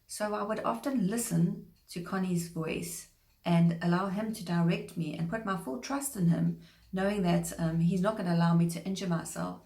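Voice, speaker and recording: A woman giving a short devotional sermon, earnest and measured, slowing down to stress scripture. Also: on the low side, darkish tone. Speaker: preacher. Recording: echoey room.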